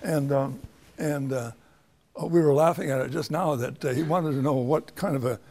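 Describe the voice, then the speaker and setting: Older man, gravelly and husky, rambling. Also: on the high side, moderate pace, darkish tone. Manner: rambling, anecdotal, many restarts. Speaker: professor speaking to students. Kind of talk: informal lecture answering a question.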